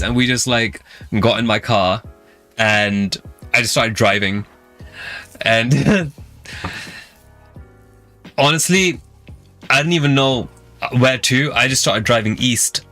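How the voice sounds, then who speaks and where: London man, casual talk host, meandering anecdotes, soft music underneath. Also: on the low side. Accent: London English. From England. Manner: rambling, filler-heavy storytelling. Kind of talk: casual chat with live viewers.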